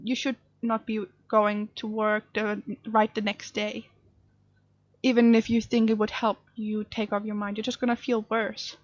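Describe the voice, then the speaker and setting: A woman's voice: medium pitch, little pitch movement, unhurried, no room sound, dull audio. A woman playing a story game and chatting along with sympathetic reactions. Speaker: gaming streamer. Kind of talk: let's play commentary.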